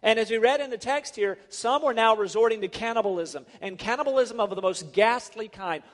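A man's voice: sits high, a little fast. A man preaching a sermon as a pastor, emphatic and full of rhetorical questions. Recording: long reverb of a large hall.

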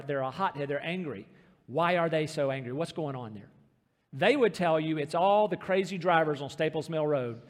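A man preaching a sermon, emphatic and slowing down to stress scripture. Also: sits high. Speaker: pastor. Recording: reverberant hall.

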